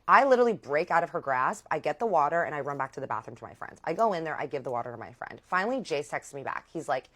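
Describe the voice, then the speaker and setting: A woman's voice: deep voice, animated, fast talker, few pauses, a bit bright. A young woman vlogger telling a storytime and acting out the quoted dialogue. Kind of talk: storytime vlog.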